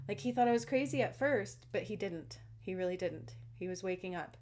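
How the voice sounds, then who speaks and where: A woman's voice: mid-range voice, animated, brisk, darkish tone. Earnest woman vlogging to camera. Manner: earnest, emphatic, frequent "okay?" check-ins. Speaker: self-described spiritual channeler. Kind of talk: casual monologue to camera.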